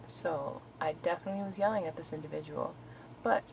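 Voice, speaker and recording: A woman's voice: sits low, brisk, vocal fry, darkish tone, slight background noise, poor audio. A woman vlogger telling a story at home in a casual, exasperated, profane venting rant.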